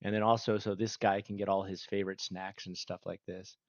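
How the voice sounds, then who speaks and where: A man with a lowish voice chats loosely with his livestream audience, wandering from thought to thought and laughing often. His mic sounds dry and a little muffled, with a lo-fi dullness. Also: level tone, fairly quick, dry recording. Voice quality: rambling and chatty, with fillers and frequent laughs. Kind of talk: casual livestream chat with viewers.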